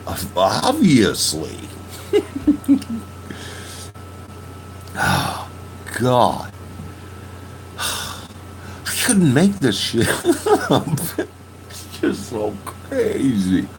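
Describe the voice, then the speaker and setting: A man's voice: medium pitch, huge pitch swings, drawn-out words, gravelly, long pauses, a little hiss or hum, low-quality recording. A man telling a story in a casual podcast monologue, profane and laughing, venting his emotions. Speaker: podcast host.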